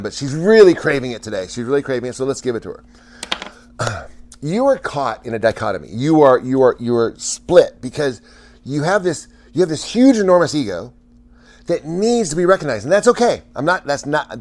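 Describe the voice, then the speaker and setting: Male streamer, mid-pitched, rambling chat full of restarts and chuckles. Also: big pitch swings, fairly quick, a little mellow. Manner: rambling, stammers and restarts, laughs often. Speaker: livestream host chatting with viewers. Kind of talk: casual livestream chat.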